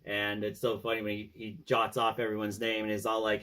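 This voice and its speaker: Rambling male fan commentator, lowish voice, loose and filler-heavy. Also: monotone, fairly quick, bright, forceful tone. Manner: rambling, with many fillers and "he's all like" retellings. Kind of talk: casual fan movie discussion.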